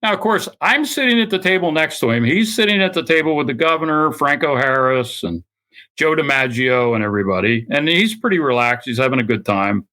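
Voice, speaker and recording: Older man telling lively stories. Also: a little high, a little fast. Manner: anecdotal, acts out quoted voices, laughs often. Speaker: guest author. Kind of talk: storytelling interview.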